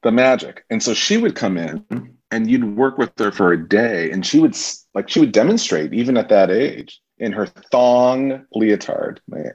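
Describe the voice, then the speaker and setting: A man guest on a podcast, telling stories from his acting career in a lively, casual way and acting out the people he quotes. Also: lowish voice, normal speed. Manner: animated storyteller, acts out quoted voices. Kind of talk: casual storytelling interview. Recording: muffled lo-fi recording.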